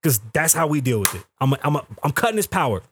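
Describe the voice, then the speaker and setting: Profane New man, higher-pitched. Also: very animated, fast, fairly bright tone, a little hiss or hum. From the Bronx, New York. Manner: profane, heated storytelling. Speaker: podcast host. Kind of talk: casual podcast rant.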